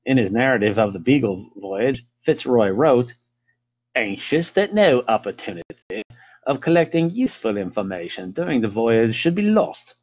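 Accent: put-on British. Figure: formal old naval captain, read aloud by an American man. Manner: stiff, measured, old-fashioned prose. Pitch: middling. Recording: slightly dull lo-fi. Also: very animated, darkish tone.

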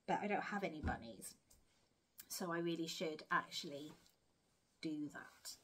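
Casting: woman, lower-pitched voice, rambling friendly crafts vlogger. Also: expressive, measured pace, pauses often, a bit bright, breathy edge. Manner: chatty, rambling, self-deprecating, with frequent laughs and asides. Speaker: crochet vlogger. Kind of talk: casual chat to camera.

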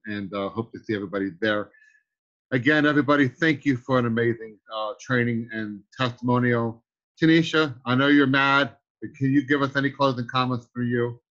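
A man's voice: mid-range voice, a little fast, a bit bright. Guy hosting a group call, gushing, calls everyone brother, slightly muffled call sound. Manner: effusive, calls people sir and brother. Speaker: host of a weekly team training call. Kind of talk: motivational conference-call hosting.

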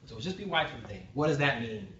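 A man's voice: mid-range voice, expressive, quick pace, a bit bright, a little hiss or hum. A man giving a conversational lecture as a sociologist, joking and often checking in with his audience. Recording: echoey room, distant and dull.

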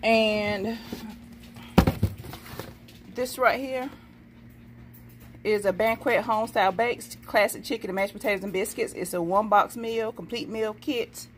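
A woman's voice: medium pitch, steady tone, unhurried, pauses often, a little hiss or hum. A middle-aged woman, chatting casually through her shopping haul and reading each price off a receipt. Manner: chatty, folksy, says "okay, baby" to herself. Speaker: vlogger showing a shopping haul.

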